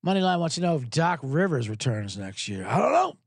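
A man's voice: a little high, big pitch swings, fairly quick, gravelly, no echo, clean studio sound. A man hosting a sports betting podcast, talking in a rambling, profane, casual way.

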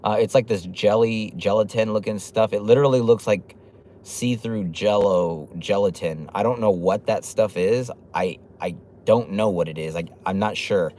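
A man's voice: lowish voice, normal speed, darkish tone, a little hiss or hum. A man hosting a casual livestream, reading chat comments aloud with loose, profane talk and lots of laughs. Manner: fillers and restarts, laughs often. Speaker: livestream host.

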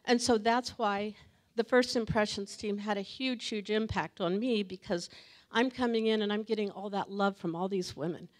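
A woman's voice: mid-range voice, moderate pace. A woman sharing a personal testimony at a church gathering, talking earnestly and emotionally and laughing now and then. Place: church meeting room with audience.

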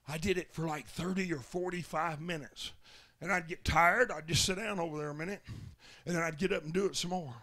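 A man preaching at a tent revival, telling a folksy story that builds to shouted commands. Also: high-pitched. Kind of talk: revival sermon testimony.

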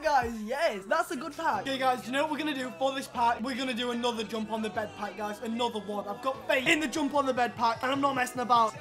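A young man commentating a video game pack opening, excitable and loud, shouting and laughing at the reveals, with music playing behind him. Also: very high voice. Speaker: gaming YouTuber. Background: background music.

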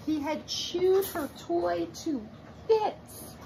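A woman reading a picture book aloud to children, expressive and asking her listeners questions. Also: very high voice, drawn-out words, creaky, slight background noise. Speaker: storybook reader.

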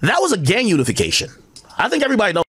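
A man's voice: sits high, huge pitch swings, racing, fairly bright tone, slightly rough, no echo, studio quality. A man talking on his own stream in a casual, rambling way, explaining gossip with quoted asides. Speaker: internet commentator in a played clip.

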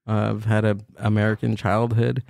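A man hosting a casual comedy podcast chat, rambling and quick to laugh. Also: lowish voice, completely flat delivery, vocal fry, a little mellow, dry recording, clean studio sound. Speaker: podcast host.

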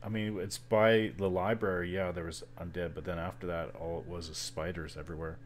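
A man's voice: deep voice, flat delivery, a little fast, slight background noise. A Canadian man from British Columbia casually narrating his online game session, rambling and joking at himself as he stumbles over words. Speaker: gamer. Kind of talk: casual gameplay commentary.

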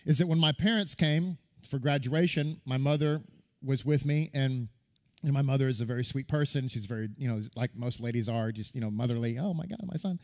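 A male rabbi giving a sermon, telling stories in a lively, conversational way with frequent restarts. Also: mid-range voice. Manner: animated storytelling with restarts and acted quotes.

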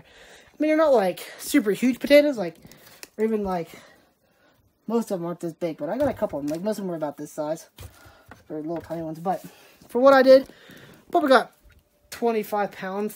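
A woman's voice: mid-range voice, darkish tone. A woman chatting casually in a vlog from her backyard garden, rambling and laughing often. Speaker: vlogger.

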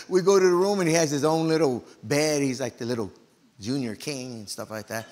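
A middle-aged man preaching in a church, telling a personal story with emotional, animated delivery and loud outbursts. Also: fairly high pitch, a little fast, big-room sound. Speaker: pastor. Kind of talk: storytelling sermon.

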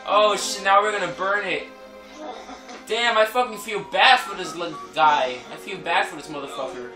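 A man commentating on gameplay, cursing loudly and laughing with frequent outbursts. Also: high voice, normal speed, distant mic. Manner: profane, loud outbursts, laughing. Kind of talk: let's play commentary. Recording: echoey room, game music behind.

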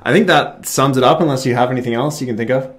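A man hosting a casual video chat in a relaxed way, with short affirmations. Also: mid-range voice, fast. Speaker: video host.

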